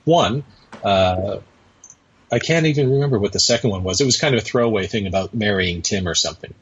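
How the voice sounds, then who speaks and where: A man's voice: on the low side, fairly quick, breathy edge. A man chatting as a podcast guest, telling a long anecdote in a rambling way with many hesitations, on dull lo-fi audio. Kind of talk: casual storytelling conversation.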